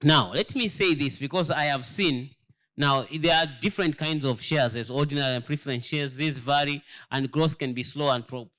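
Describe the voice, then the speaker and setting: Man, church elder, sermon-style lesson, fairly high voice, emphatic rhetorical questions, stumbling repeats. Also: moderate pace, a bit bright. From Zambia. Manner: emphatic, rhetorical questions to the audience, repeats words while searching.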